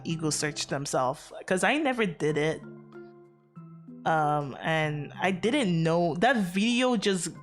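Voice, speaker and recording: A woman streamer chatting casually to her viewers, rambling with many fillers and frequent swearing, from outside America. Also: on the low side. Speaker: VTuber streamer.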